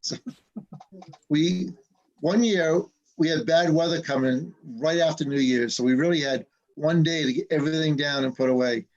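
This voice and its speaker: A man's voice: a little high, moderate pace, a little mellow, highs cut off. A man hosting a casual live stream chat, telling stories with an easy, laughing manner over a video call. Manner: chatty, laughing between stories. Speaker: host.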